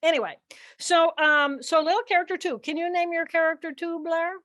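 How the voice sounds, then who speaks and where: An older woman giving an animated, expressive teaching talk outdoors by the water, acting out inner voices as she explains. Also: very high-pitched, a little fast. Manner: expressive, acts out inner voices with dramatic shifts. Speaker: guest speaker, neuroanatomist.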